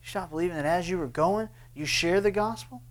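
A man delivers an impassioned sermon. His voice leaps up on emphatic lines and sinks low and quiet when he presses a point. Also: fairly quick. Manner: impassioned preaching, swings between loud bursts and hushed lines. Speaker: pastor.

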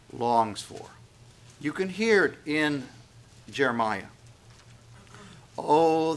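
A man pastor preaching a sermon, reading scripture and swinging from quiet, intimate passages to loud, raised appeals. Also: mid-range voice.

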